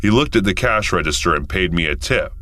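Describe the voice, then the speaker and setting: A man in his thirties narrates a scripted first-person story. His voice is deep, and his intonation rises and falls a lot. He keeps a calm, matter-of-fact delivery. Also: a little fast. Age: 30s.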